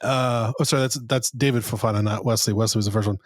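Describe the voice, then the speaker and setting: A man co-hosting a podcast, talking football in a relaxed, rambling way with lots of fillers and the odd swear. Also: on the low side, quick pace, no echo. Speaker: podcast co-host. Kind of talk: casual football chat.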